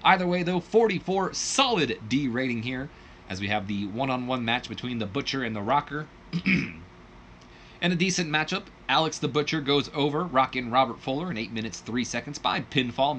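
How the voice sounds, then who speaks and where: A man giving casual, chatty play-by-play commentary on his video game, with bursts of excitement. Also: medium pitch, a little hiss or hum. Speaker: gaming video host.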